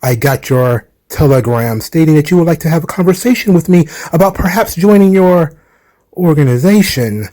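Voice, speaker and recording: A man's voice: fairly high pitch, lively intonation, moderate pace, mellow, natural voice. A man doing a stiffly formal, courtly wrestler. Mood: courteous. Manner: stiff, courtly, old-fashioned phrasing. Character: overly formal, polite grown male wrestler.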